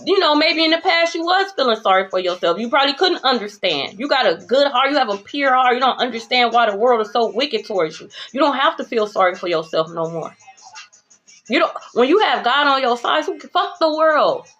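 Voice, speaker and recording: A woman giving a spiritual tarot reading to her viewers, blunt and profane, swinging between calm reassurance and heated calling-out. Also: fairly high pitch, brisk, lo-fi sound. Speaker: tarot reader. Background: background music.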